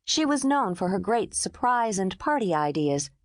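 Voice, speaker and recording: A woman narrating an audiobook in smooth, expressive storytelling. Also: mid-range voice, normal speed, no room sound, clean studio sound.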